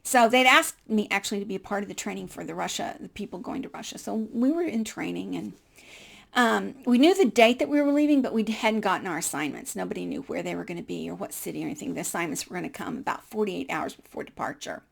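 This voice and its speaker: A middle-aged woman vlogger telling a personal story in a lively, animated way and acting out the dialogue. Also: medium pitch, quick pace, creaky. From United States.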